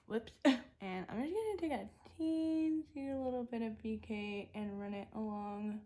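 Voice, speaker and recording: Swatching eyeshadow, a young woman chats her way through a casual makeup tutorial, explaining every step. She speaks in a slightly high, mellow voice without hurrying.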